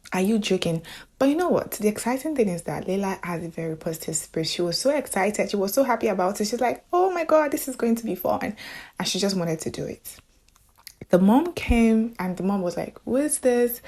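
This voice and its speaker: A woman's voice: fairly low pitch, darkish tone. A woman casually recapping a romantic movie for her viewers, chatty and gushing, breaking into sudden squealed exclamations.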